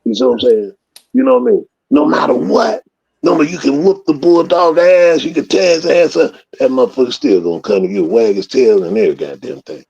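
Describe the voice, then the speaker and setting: A man's voice: on the high side, very animated, brisk, creaky, husky, lo-fi sound. A man telling rambling, profane stories in a casual chat and acting out the scenes. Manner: profane, rambling storyteller who acts out scenes loudly. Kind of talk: casual storytelling.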